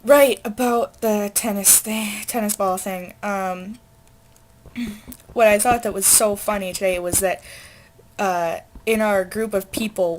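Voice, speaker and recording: A woman's voice: mid-range voice, a little hiss or hum. A teenage girl chatting casually and rambling while she plays a game, with lots of fillers and asides. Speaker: gamer. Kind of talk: casual let's play chat.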